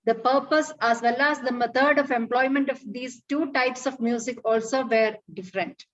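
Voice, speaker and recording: A woman reading an academic paper in a measured, formal way, reciting Sanskrit verses. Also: a little high, fairly even intonation, distant mic, lo-fi sound.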